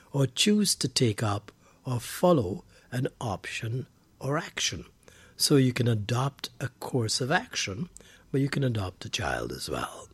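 A man presenting a radio word program, explaining words in a slow, deliberate way with a husky voice. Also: medium pitch, dry recording. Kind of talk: scripted educational radio talk.

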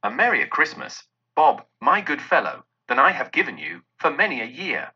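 A reformed old miser bursts with hearty cheer, as a male narrator puts him on. The voice is bright and husky, leaping up and down in pitch. The recording sounds dull and lo-fi. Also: sing-song, normal speed, heavily acted. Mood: jubilant.

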